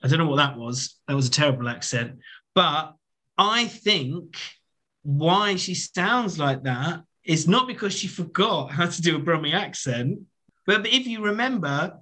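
A man with a fairly high voice works through his reasoning on a show's characters and politics, one step at a time. He speaks as a podcast co-host in a relaxed discussion. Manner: analytical, builds explanations. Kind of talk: casual TV discussion.

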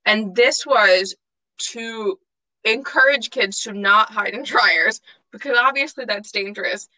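A woman's voice: medium pitch, measured pace, pushed and bright, no room sound, low-quality recording. A young woman co-hosting a podcast, chatting casually with a friend, giggly and full of fillers. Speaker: podcast co-host. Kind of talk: casual chat.

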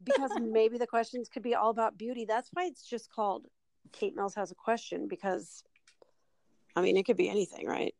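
Higher-pitched woman hosting a podcast, excitable, rambles, swears a lot, dry close sound. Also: brisk, gravelly, dry recording. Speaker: podcast host. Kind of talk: casual chat.

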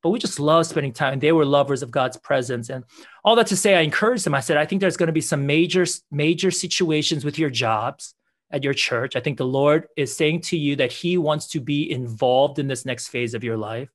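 A man's voice: a little high, a little fast. A man, a pastor, telling prayer testimonies in an earnest way, repeating words and acting out what people said. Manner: earnest, repeats words, acts out quoted dialogue. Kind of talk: testimony storytelling in conversation.

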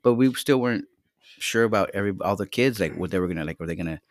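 A middle-aged father chatting casually on a podcast, rambling and swearing, often trailing off quietly. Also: deep voice, expressive, quick pace, dry recording, studio quality. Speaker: podcast co-host. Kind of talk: casual chat.

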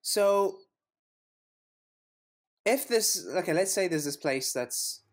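A woman's voice: mid-range voice, expressive, slow pace. A woman co-hosting a podcast in casual chat, rambling through stories and giggling often. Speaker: podcast co-host.

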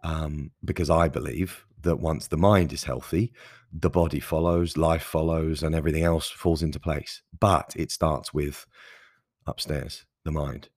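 Very deep-voiced husky man in his thirties. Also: steady tone, a little slow, darkish tone, no room sound, studio quality. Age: 30s. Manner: earnest, enthusiastic and conversational. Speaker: podcast host. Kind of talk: solo podcast monologue.

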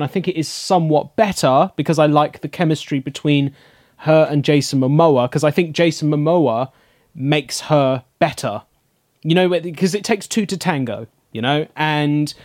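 A man with a slightly high voice giving blunt, emphatic verdicts in a casual film review chat. He is recorded close and dry, with nothing behind him. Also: darkish tone, dry recording. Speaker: podcast co-host.

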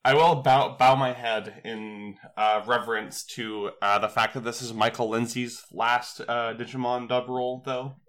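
A man with a middle-pitched voice chatting on a podcast. He rambles through his points with wry asides and frequent fillers. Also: level tone, a little slow, hardly any pauses, a bit bright. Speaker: podcast co-host. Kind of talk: casual chat.

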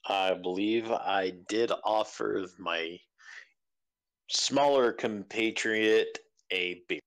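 A man playing in a tabletop game, speaking with slow, formal wording. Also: lowish voice, a bit bright, rough recording. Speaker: player.

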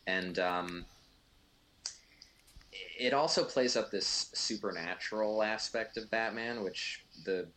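A man with a very low voice talks his way through a movie commentary track. He rambles, stops and restarts often, and fills the gaps with ums and you-knows. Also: slow pace, pauses often, pushed and bright. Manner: rambling, with many fillers and restarts. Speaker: film commentary co-host. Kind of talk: casual film commentary.

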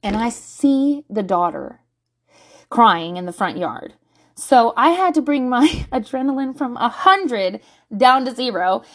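A woman's voice: on the high side, unhurried. A woman in her thirties telling a story in a casual way, blunt and profane, acting out what people said. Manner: blunt, profane, animated storytelling with acted-out quotes.

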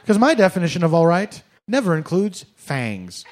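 A comedian with a high, bouncy voice that swings widely up and down. He delivers a sarcastic, mock-formal monologue and laughs through his lines, with a faint hiss behind him. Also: big pitch swings, moderate pace. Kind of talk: comic monologue.

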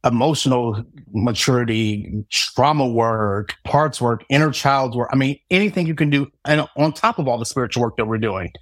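A man's voice: medium pitch, moderate pace, dry recording, clean studio sound. A man in his thirties from Southern Indiana, a guest telling his story as a psychic reader, acting out the dialogue with self-mocking humor. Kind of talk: storytelling in casual interview.

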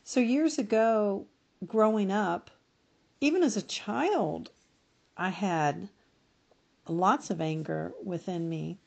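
A middle-aged woman speaking as a podcast guest, giving slow, reflective personal testimony and often correcting herself mid-sentence. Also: mid-range voice, vocal fry, darkish tone.

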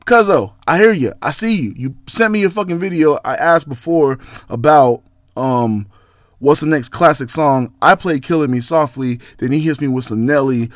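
A man's voice: moderate pace, dry recording, clean studio sound. A young man hosting a casual podcast, ranting in a rambling, profane way. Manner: profane, rambling, jumpy pitch. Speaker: podcast host. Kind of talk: casual rant monologue.

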